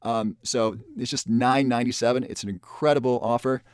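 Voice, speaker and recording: A man presenting a webinar, pitching a parenting program and repeating the offer and the spots left. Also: steady tone, brisk, smooth, no room sound, studio quality. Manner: pushy salesman tone, repeats offers and counts down spots.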